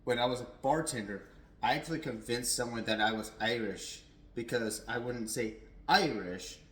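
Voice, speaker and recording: A man's voice: medium pitch, moderate pace, a bit bright. Chatty man in a roomy space. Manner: chatty and rambling, many fillers and restarts. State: a little tipsy. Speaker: whiskey reviewer. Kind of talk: casual tasting review. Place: at home.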